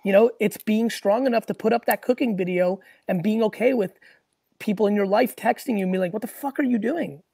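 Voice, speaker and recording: Blunt, profane man with a husky voice. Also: high-pitched, fairly quick, dry recording, clean studio sound. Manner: blunt, profane and emphatic, often shouting. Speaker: host answering callers' questions. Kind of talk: live Q&A call-in show.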